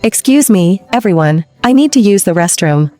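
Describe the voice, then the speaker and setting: A woman's voice: medium pitch, animated, moderate pace, dark tone, close to an everyday voice. An actress playing a young woman secretary, reborn and scheming, in a dubbed drama, with playful spoken asides. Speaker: secretary Rachel.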